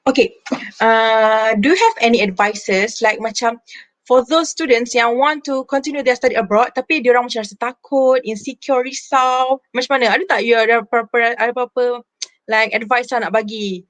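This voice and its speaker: A Malaysian woman interviews her guest in a quick, chatty flow, pitched a little high and often nodding along in words. The sound is close and dry, as over a video call. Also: steady tone, dry recording. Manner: keeps affirming the guest, chatty. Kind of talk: casual interview chat.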